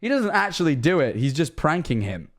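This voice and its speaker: A man's voice: on the high side, big pitch swings, brisk. A young man from England with an English accent, chatting casually on a livestream, rambling, joking and swearing. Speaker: streamer. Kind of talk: casual livestream reaction chat.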